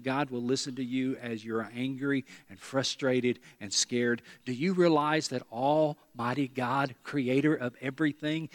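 A pastor preaching a sermon to a congregation, talking earnestly and repeating words for emphasis. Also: male voice, mid-range voice. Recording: long reverb of a large hall.

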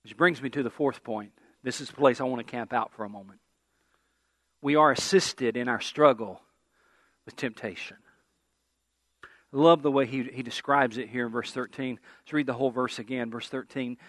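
A male pastor delivers a sermon, repeating key phrases, slowing down to emphasize scripture, and leading the congregation in call-and-response. His voice is mid-range and fairly bright, captured in a dry recording.

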